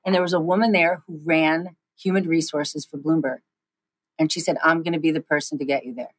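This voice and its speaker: A woman in her forties, a guest in an interview, telling quick animated stories with frequent restarts. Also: deep voice, no room sound, rough recording. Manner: animated, fast storytelling with many restarts. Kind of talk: storytelling interview chat.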